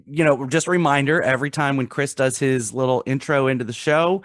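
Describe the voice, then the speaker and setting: Male podcast host, mid pitch, dry close sound, jokey and animated. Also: fairly quick, no echo. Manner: jokey, laughs often, animated storytelling. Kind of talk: casual chat.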